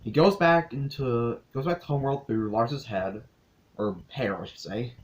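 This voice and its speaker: A young man in a casual video review, recapping a cartoon episode in a chatty way with quick asides. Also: medium pitch.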